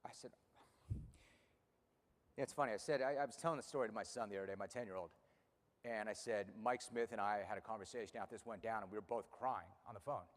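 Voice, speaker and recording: A man in his fifties speaking emotionally to an audience about losing his racehorse, halting and repeating words when upset. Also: fairly low pitch, big-room sound. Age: 50s. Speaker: racehorse owner and radio host. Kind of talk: emotional personal speech to an audience. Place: room with a live audience.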